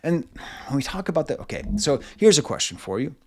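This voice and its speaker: A man's voice: fairly high pitch, big pitch swings, brisk, darkish tone. A man in his forties, recorded at home, reviewing an album in a loose, rambling way, often stopping and restarting his thoughts. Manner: rambling, self-interrupting, lots of "like". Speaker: music reviewer. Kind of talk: casual video album review.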